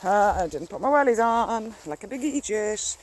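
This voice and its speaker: A woman's voice: mid-range voice, animated, normal speed. An Irish woman rambling candidly in a casual diary vlog while walking outdoors, recorded on a phone. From Ireland. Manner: chatty, candid, walks while talking. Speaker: dog walker vlogging. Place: outdoors in a rural field.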